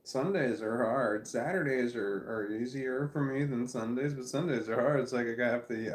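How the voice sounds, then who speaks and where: Casual male vlogger, mid pitch, candid, rambling, roomy echo. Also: normal speed, few pauses. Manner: candid, wandering, self-deprecating, often trailing off. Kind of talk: casual rambling monologue to camera. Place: at home in a room, with a puppy in his lap.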